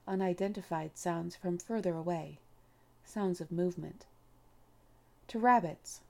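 A woman narrating an audiobook in a measured, unhurried way. Her voice is dark and mellow with a gravelly fry underneath. Her pitch sits in an ordinary middle range for a woman. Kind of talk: scripted narration.

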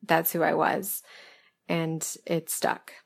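Woman from the American South, a little hoarse, low-pitched, candid casual chat, soft self-deprecating laughs. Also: completely flat delivery, takes it slowly. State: losing her voice. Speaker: audio script writer and performer answering listener questions. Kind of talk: casual interview-style Q&A monologue.

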